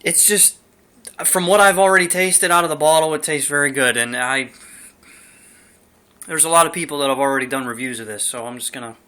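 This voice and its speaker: A young man chats loosely through a beer review in a room at home, filling his sentences with fillers and side stories. His voice sits a little high and sounds bright and forward. The sound comes from a simple camera mic. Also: brisk. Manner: rambling, chatty, lots of fillers. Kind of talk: casual home video review.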